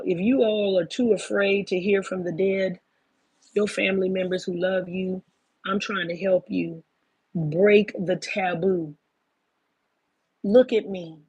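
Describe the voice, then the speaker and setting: A woman's voice: fairly low pitch, a little mellow, breathy edge, no room sound. A woman in her fifties giving a casual spiritual monologue, emphatic and profane, often calling listeners "baby.". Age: 50s. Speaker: spiritual talk host.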